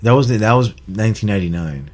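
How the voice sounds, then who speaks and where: A man's voice: on the low side, expressive, fast. A man co-hosting a casual podcast with his girlfriend, rambling, swearing and joking. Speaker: podcast co-host. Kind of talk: casual banter.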